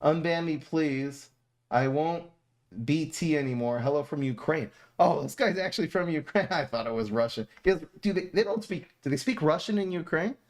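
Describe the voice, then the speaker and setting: A young male streamer at mid pitch, talking casually to his viewers. He chats in an animated, loose way, laughing often and tripping over his own sentences as he goes. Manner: chatty and animated, laughs often, stumbles and restarts. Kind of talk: casual commentary reviewing viewer messages.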